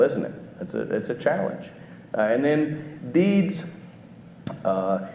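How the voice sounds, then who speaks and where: A middle-aged man delivers a conversational sermon in a church hall with a long, ringing reverb. His voice sits at an ordinary pitch, and he keeps turning to the congregation with questions. He often restarts his phrases, and a faint hiss lies under the room sound. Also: darkish tone. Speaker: preacher. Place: church auditorium. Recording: echoey hall with faint background noise.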